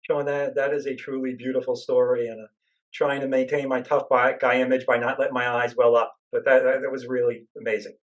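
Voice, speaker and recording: A man in a casual podcast chat, answering a story softly and with feeling. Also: medium pitch, level tone, fairly quick, dull audio.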